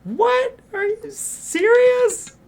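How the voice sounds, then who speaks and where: A woman voicing a timid, earnest young crab who gets shrill when startled. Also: animated, moderate pace, creaky. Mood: shocked.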